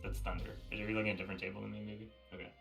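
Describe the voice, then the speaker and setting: A man running a tabletop game as game master, relaxed and hesitant with many fillers. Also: fairly low pitch, very fast, creaky, over loud music.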